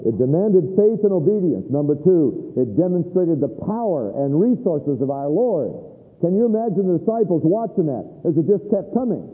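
An older man preaching a sermon as a pastor, telling stories animatedly, moving between hushed and emphatic passages. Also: a little high. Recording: tinny phone-like sound in a reverberant hall.

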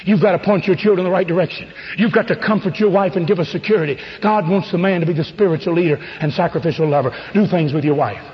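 A middle-aged man preaching a fervent sermon, rising to shouts at the peaks. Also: high-pitched, fast talker, hardly any pauses. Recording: dull radio broadcast with long reverb.

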